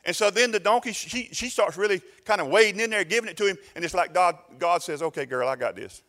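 A man's voice: high voice, fast talker, sharp tone. A man preaching a sermon as pastor, retelling a story and acting out its voices. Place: church sanctuary. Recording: long reverb in a church hall.

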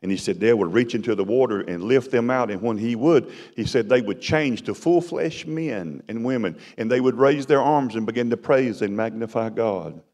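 A middle-aged man preaching a testimony, dramatic and storytelling, his voice swinging from loud to hushed. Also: medium pitch, normal speed, few pauses. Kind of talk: sermon testimony. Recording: long hall reverb.

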